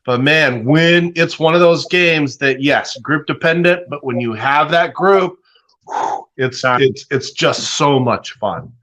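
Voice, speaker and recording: A man's voice: on the high side, slow, a bit bright. A man co-hosting a casual chat, talking in an enthusiastic, joking manner. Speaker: podcast co-host.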